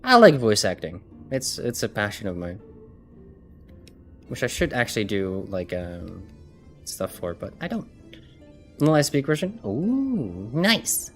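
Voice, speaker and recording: A woman's voice: a bass voice, big pitch swings, a little slow, long pauses. A woman streaming a game, chatting casually with many restarts and laughs. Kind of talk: casual chat while gaming. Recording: music behind.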